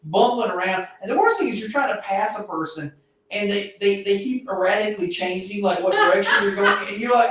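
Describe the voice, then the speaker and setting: A man's voice: high voice, animated, fairly quick, fairly bright tone, slight background noise. A man co-hosting a podcast, rambling casually with lots of restarts and swearing. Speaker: podcast co-host. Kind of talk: casual chat. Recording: echoey room, far from mic.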